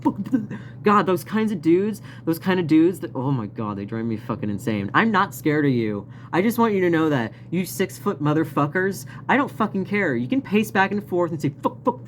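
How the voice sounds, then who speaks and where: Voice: mid-range voice, a bit bright, slight background noise. A vlogger telling a story in a casual, rambling rant, swearing often and laughing now and then. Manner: profane, rambling, frequent laughs.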